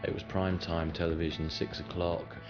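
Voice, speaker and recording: A man reminiscing in an interview, speaking deliberately with ums and uhs. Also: low voice, level tone, lo-fi sound, music in the background. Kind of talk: measured reminiscing.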